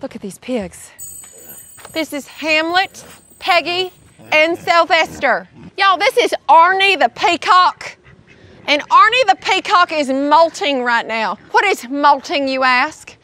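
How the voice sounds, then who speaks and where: A woman's voice: sits high, lively intonation, slow, pushed and bright. A woman hosting a children's educational show outdoors at an animal sanctuary, cheerful and sing-song, addressing viewers as y'all.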